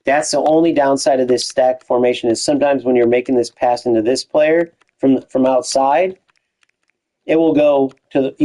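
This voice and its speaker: A man's voice: mid-range voice, mellow, rough recording. A young man streaming a football video game, chatting loosely to his live chat, with casual slang and frequent restarts.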